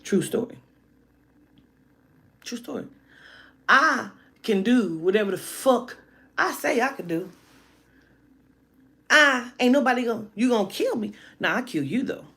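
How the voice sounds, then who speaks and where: A woman telling a personal story in a casual monologue, animated and emphatic, with heavy profanity. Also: on the high side, normal speed, pauses often, breathy edge.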